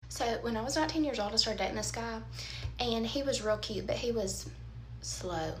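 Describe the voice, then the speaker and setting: Animated woman telling a story. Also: fairly high pitch, normal speed, slight background noise. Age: 30s. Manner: animated, dramatic emphasis, quoted asides. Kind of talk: casual storytime.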